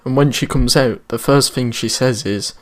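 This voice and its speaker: Man, British accent, casual story time vlog, slangy and sweary, mid-pitched voice. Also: normal speed. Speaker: vlogger.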